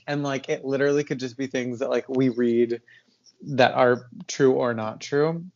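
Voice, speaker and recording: A man's voice: mid-range voice, steady tone, normal speed, vocal fry, a little mellow, highs cut off. Tired, rambling man on a podcast. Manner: rambling, laughs often, fillers like "like" and "um". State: tired, yawning. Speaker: podcast co-host. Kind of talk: casual chat.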